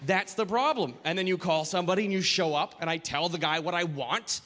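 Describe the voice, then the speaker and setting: A man doing a stand-up comedy set on a club stage, animated, shouting punchlines and slipping into silly voices. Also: high-pitched, a little fast. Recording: hall reverb, audience noise.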